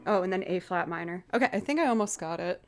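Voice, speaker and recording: A woman's voice: lowish voice, lively intonation, fast, over loud music. A woman from outside Boston, a musician streaming live, chatting casually with viewers as she works out chords and beats. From outside Boston, USA. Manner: chatty, thinks aloud, talks to viewers. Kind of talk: casual livestream chat while working out music.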